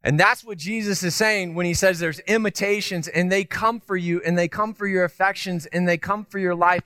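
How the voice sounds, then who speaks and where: A man preaching a sermon. He tells stories in a lively, conversational way, with self-deprecating asides, and moves from loud emphasis to hushed tenderness. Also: high-pitched, normal speed, no room sound. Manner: animated storytelling, swinging between loud emphasis and hushed tenderness. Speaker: pastor.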